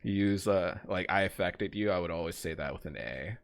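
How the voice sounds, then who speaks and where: A man's voice: low-pitched, brisk, gravelly. A man streaming a game, chatting casually with his viewers. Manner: chatty, trails off quietly, then greets chat brightly.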